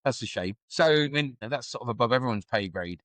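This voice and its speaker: A middle-aged man speaks as a podcast guest in a thoughtful, musing way, often circling back with "you know" and restarting his sentences. His voice sits at a middle pitch. The sound is dry and close, with no room echo. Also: expressive, fairly quick, fairly bright tone. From England. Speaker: guest, former football club executive. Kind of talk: podcast conversation.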